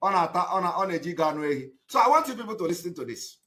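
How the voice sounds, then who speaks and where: A man giving a live broadcast monologue, emphatic and repetitive, breaking into shouted outbursts. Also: high-pitched, sing-song, racing. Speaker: activist broadcaster.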